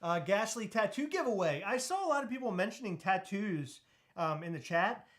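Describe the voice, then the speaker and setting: A man's voice: high voice, very animated, moderate pace, a bit bright. A man co-hosting a live podcast stream, reading chat comments aloud and laughing easily in loose, casual talk that swears freely. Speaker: podcast co-host.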